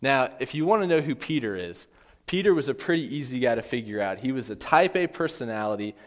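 A man's voice: mid-range voice, expressive, quick pace. Man preaching in a reverberant hall. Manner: storytelling with acted voices, emphatic repetition. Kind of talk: sermon. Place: church.

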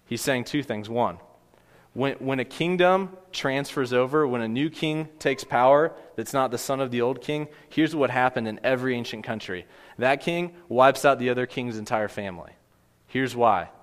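A man's voice: medium pitch, moderate pace, in a large hall. A man preaching a sermon in an earnest, conversational way, often restarting his sentences. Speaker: pastor.

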